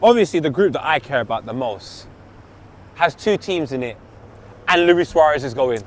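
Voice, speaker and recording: A man with a London accent co-hosting a casual football chat, excitable, with loud outbursts and quiet asides. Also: a little high, moderate pace. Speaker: podcast co-host.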